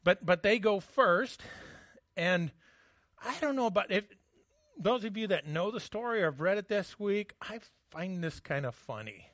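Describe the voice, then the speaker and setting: A man's voice: high-pitched, lively intonation, moderate pace, fairly bright tone, dry recording, highs cut off. A man preaching a sermon in a casual, joking way, often restarting his sentences. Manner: conversational, self-mocking humor, frequent restarts. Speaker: pastor.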